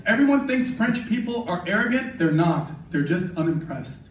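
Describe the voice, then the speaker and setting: A man doing stand-up comedy on stage, animated and mocking, laughing at his own jokes. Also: high-pitched, moderate pace, background noise. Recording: echoey live venue, distant mic.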